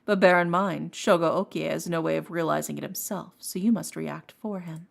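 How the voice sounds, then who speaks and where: A woman voicing a formal, mysterious guide who addresses the player in a measured way. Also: sits low, steady tone, gravelly.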